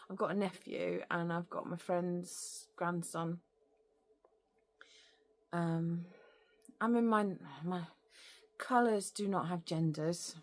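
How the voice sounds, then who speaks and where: A woman's voice: fairly low pitch, a little mellow. A woman hosting a crafting podcast, talking casually and rambling with many fillers. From lives in France. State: out of breath. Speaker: podcast host. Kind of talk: casual chat.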